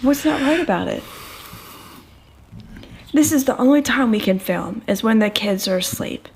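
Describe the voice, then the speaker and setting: A woman co-hosting a casual home vlog, teasing and pushing her co-host with quick interjections. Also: a little high, animated, darkish tone, a little hiss or hum. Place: home at night.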